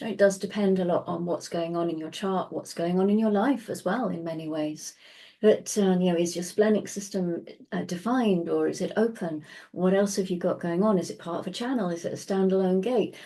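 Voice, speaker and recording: A woman's voice: on the low side, dark tone. A woman giving a casual solo talk as a Human Design teacher, chatty and reflective, often asking her listeners questions, recorded at home.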